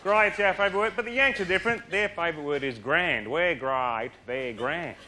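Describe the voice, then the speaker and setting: A man with an Australian accent delivering a brash, loud stand-up comedy monologue. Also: a little high, moderate pace, slight background noise. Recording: live crowd and loud ambience.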